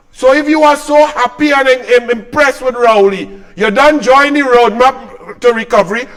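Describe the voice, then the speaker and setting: A man's voice: high-pitched, fairly bright tone. A man with a Trinidadian accent delivering a sarcastic, combative political rant as a commentator, mocking his targets.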